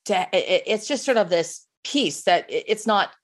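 A woman talking through sales advice in an interview, animated and chatty, often restarting her sentences as she explains. Her voice sits at a middle pitch. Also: moderate pace. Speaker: sales coach guest. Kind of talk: conversational interview, giving advice.

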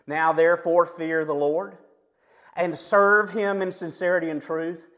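A man in his fifties preaching a sermon, lively and chatty, with personal stories and quick asides to the congregation. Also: a little high. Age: 50s. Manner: animated, storytelling preacher with asides and quick jokes. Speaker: pastor.

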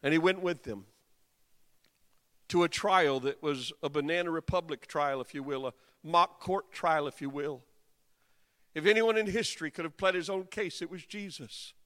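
A man preaching a dramatic sermon, swinging from hushed passages to impassioned cries. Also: on the high side, moderate pace, in a large hall.

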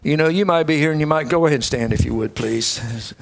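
A man's voice: on the high side, fairly quick, gravelly, background noise. A man preaching a sermon and leading a closing prayer, talking in a folksy, joking and emotional way. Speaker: pastor.

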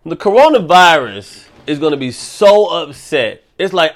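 A young man hosting a solo podcast, ranting in a profane, animated way. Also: a little high, unhurried. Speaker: podcast host.

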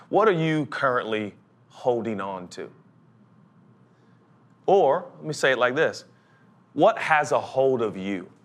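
A young adult man preaching a sermon as pastor, animated, slipping into comic voices and building to an urgent pitch.

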